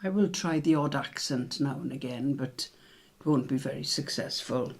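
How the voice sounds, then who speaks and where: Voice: mid-range voice, moderate pace, vocal fry. A quiz host who chats casually from home and laughs often between the scores and questions. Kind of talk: casual online quiz hosting.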